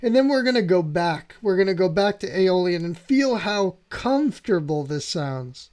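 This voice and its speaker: A man's voice: high-pitched, lively intonation, moderate pace. Eager man explaining piano harmony. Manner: enthusiastic, keeps checking in with "right?". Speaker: piano channel host. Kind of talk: music theory lesson. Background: faint piano playing.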